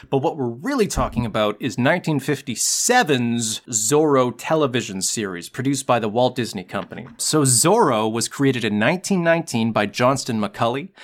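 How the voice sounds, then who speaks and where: A man hosting a podcast in casual chat, jokey and quick when he explains something. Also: medium pitch. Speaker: podcast host.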